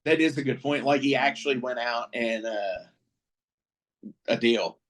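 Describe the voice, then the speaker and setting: A man co-hosting a podcast, chatting casually with a profane, excitable fan's rambling. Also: mid-range voice, unhurried, crowd noise. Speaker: podcast co-host. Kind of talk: casual chat.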